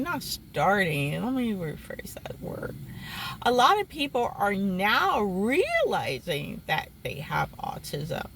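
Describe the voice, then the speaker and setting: A young woman telling a personal story in a casual vlog, animated and exasperated, with sudden jumps in pitch. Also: poor audio. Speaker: vlogger.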